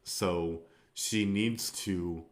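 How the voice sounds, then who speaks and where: A man's voice: low voice, drawn-out words. A man hosting a film review podcast, talking casually and rambling, with many fillers and restarts.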